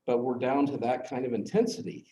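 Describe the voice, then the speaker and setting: A middle-aged man teaching a class, earnestly telling a personal story, with his voice dropping low at the hard moments. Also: steady tone, a little fast, warm tone. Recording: echoey classroom, faint noise.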